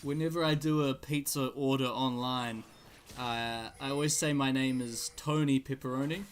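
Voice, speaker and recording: A man casting a live esports match play-by-play, his excitement climbing in big fights, with jokey asides between plays. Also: mid-range voice, moderate pace, slight background noise. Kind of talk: live game commentary.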